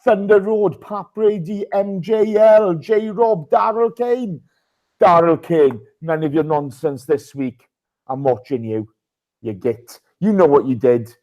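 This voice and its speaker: A man's voice: high-pitched, takes it slowly, highs cut off. A man hosting a casual live podcast, chatting and greeting listeners by name. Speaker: podcast host.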